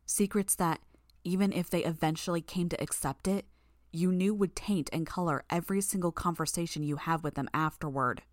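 A woman voicing a bitter young woman healer who speaks in a cool, mocking, quiet way. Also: on the low side, normal speed, no room sound, studio quality, close to an everyday voice. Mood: cold, bitter.

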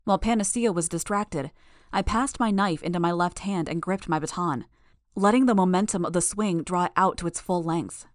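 A woman reading a first-person action novel as an audiobook in a steady, measured way. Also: fairly low pitch, dry recording, clean studio sound. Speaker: audiobook narrator.

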